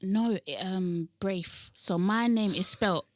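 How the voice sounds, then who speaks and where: A young woman from London, co-hosting a casual podcast chat, animated and laughing often with sudden indignant bursts. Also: mid-range voice, slow, no echo, clean studio sound. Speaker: podcast co-host.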